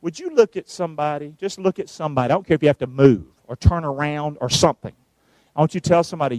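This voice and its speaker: A male preacher, giving a sermon, calling on the congregation to answer and shouting verses out. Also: a little high, lively intonation, quick pace, dry recording. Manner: calls for responses, shouts the verses out.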